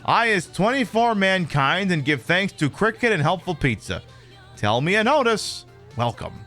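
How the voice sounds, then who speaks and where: A man voicing an eager, awkward young man writing to an American woman, earnest and halting. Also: high voice, sing-song, pushed and bright, soft background music, pitched above the performer's own voice, full character voice.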